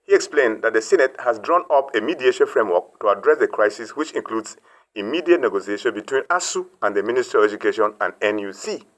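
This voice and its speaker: Lively male news correspondent. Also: on the low side, quick pace, rough recording. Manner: formal reporting voice. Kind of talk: scripted news report.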